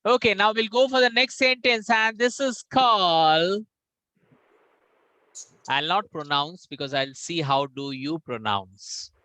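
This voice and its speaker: A man with an Indian English accent, an English coach drilling pronunciation in an online class, repeating words slowly and slipping into Hindi. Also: sits high, bright, forceful tone, no room sound, rough recording. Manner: drills words by slow repetition, mixing in Hindi.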